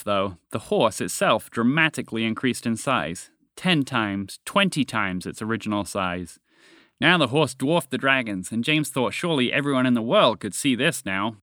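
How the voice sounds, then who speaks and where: A man narrating a fantasy story in an expressive, lively reading. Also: mid-range voice, no room sound, clean studio sound.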